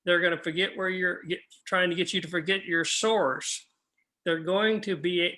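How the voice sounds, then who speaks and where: Bright-voiced older man teaching Bible class. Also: high-pitched. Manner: earnest, practical, asks the class questions.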